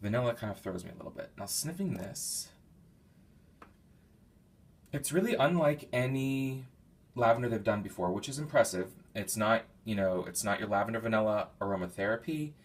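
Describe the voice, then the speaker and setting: Low-voiced man rambling through a review. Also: expressive, normal speed. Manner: rambling, many fillers and restarts; detailed, thinks aloud while describing scents. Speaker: candle reviewer. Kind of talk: casual product review.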